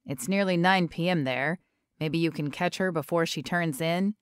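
A woman voicing a young man whose voice is thick and halting with emotion. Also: lowish voice, clean tone, no echo, studio quality, lightly acted. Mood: steady. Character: young grown man, shaken son near tears.

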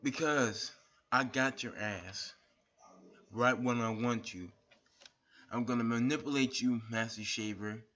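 Shirtless and furious, a man records a rant aimed at another YouTuber, swearing constantly and repeating his insults. His mid-range voice is bright and forceful, a little slow, with long pauses, and the webcam audio is dull and lo-fi.

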